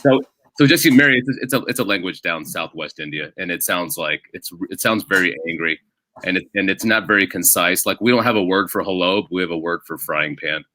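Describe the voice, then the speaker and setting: A man's voice: sits low, a little fast, sharp tone. A man, a comedian, chatting as a podcast guest, telling jokey stories with lots of restarts. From United States. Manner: rambling, jokey storytelling with many restarts. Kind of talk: casual podcast chat.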